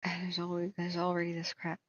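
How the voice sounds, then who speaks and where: A woman's voice: lowish voice, monotone, a little fast, dull audio, a little hiss or hum. A woman who hosts a wildfire tracking channel, giving a blunt, heated commentary rant with swearing.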